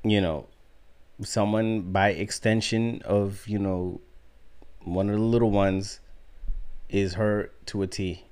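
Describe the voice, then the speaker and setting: A man co-hosting a podcast in casual chat, animated and emphatic, with slangy talk and frequent laughter. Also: lowish voice, slow pace, pauses often, smooth. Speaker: podcast co-host.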